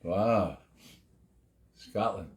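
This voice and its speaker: A man's voice: low-pitched, extremely slow, a little mellow. Easygoing man in an echoey room. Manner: easygoing, brief replies, greets viewers. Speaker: co-host of a live stream. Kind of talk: casual live-stream chat. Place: home.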